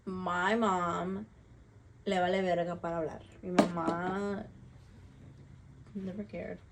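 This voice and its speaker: A woman's voice: lowish voice, slow pace, distant mic, very noisy. A young woman co-hosting a casual podcast, talking bluntly, swearing freely and slipping Spanish phrases into her speech. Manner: animated storytelling with laughter. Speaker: podcast co-host. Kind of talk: casual chat.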